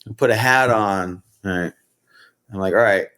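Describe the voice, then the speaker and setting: A man's voice: on the low side, moderate pace. A middle-aged man, a rapper and comedian telling stories in a casual interview, rambling with lots of "like" and "you know". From United States. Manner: rambling, animated, many "like" and "you know" fillers. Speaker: rapper and comedian, podcast guest.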